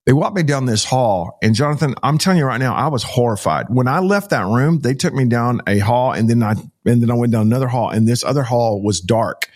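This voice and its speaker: Middle-aged male pastor, animated storyteller, mid-pitched voice, emphatic and repetitive delivery. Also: fairly quick, few pauses. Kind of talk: personal storytelling to an interviewer.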